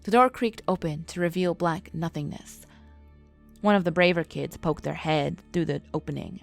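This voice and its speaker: A woman telling a first-person scary story in a measured, scripted narration. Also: sits low, vocal fry, a bit bright.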